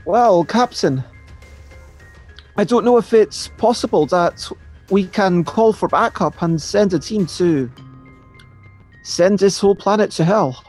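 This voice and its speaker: A player in a tabletop role-playing game, speaking in a slow, wry way. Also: mid-range voice, a little mellow, soft background music. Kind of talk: casual tabletop play in character.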